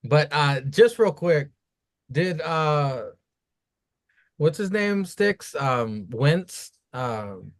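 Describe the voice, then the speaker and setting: A laid-back man chimes in on a casual wrestling podcast in a slightly high voice. He asks short, halting questions and reacts to his co-hosts. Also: lively intonation, no room sound, clean studio sound. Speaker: podcast co-host. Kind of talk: casual comedic chat.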